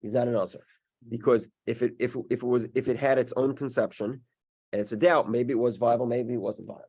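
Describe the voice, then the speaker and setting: A man leads a Talmud study class, talking through each case slowly and carefully. He stops and restarts his sentences often as he works out the reasoning aloud. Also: medium pitch, steady tone, darkish tone, breathy edge. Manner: halting, many restarts, explains step by step. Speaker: Talmud teacher. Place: in-person class also streamed online.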